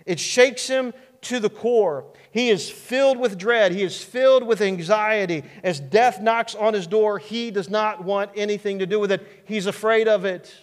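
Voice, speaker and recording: A male pastor preaching a sermon in an earnest, emphatic way with dramatic pauses. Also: sits high. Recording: long hall reverb.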